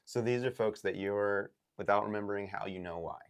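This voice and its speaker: Very deep-voiced, halting male game master. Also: clean tone. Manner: halting, full of ums and likes. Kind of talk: narrating a tabletop game.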